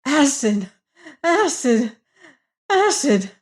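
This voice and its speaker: A woman's voice: mid-range voice, takes it slowly, lightly acted. A woman reading an audiobook, voicing a hysterical male prisoner who shrieks and gasps out repeated cries. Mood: terrified.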